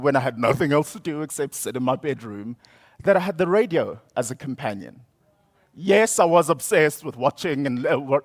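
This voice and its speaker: A young man hosts an event from the stage, telling a story in a theatrical way with big swings in pitch and loudness. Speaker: event host. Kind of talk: storytelling keynote talk. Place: conference stage.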